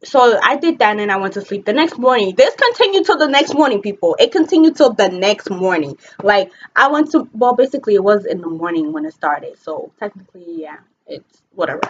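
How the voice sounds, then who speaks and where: A young woman talking casually to the camera, telling a story in a lively way, full of fillers like "like" and "you know," and acting out what others said. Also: medium pitch, a little fast, muffled recording, slight background noise. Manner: animated, frequent fillers, voices others in quotes. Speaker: vlogger.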